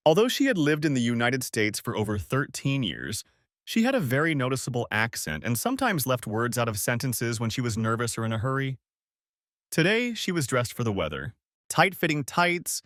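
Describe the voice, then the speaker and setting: A man reading a story aloud as an audiobook narrator, measured and expressive. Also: mid-range voice, no room sound, studio quality. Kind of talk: scripted narration.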